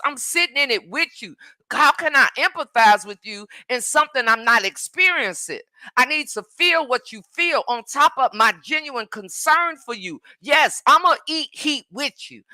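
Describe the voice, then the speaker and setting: A woman's voice: fairly high pitch, pushed and bright, no room sound, studio quality. A woman chatting emphatically on a phone livestream from home, repeating herself and answering commenters. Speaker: live streamer. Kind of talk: casual live-stream chat.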